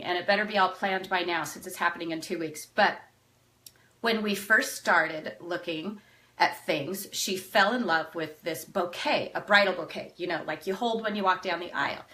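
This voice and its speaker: Middle-aged lady giving a fast farm marketing lesson, bright voice, eager and chatty. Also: medium pitch. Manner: fast, earnest, animated advice. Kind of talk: video lesson to farmers.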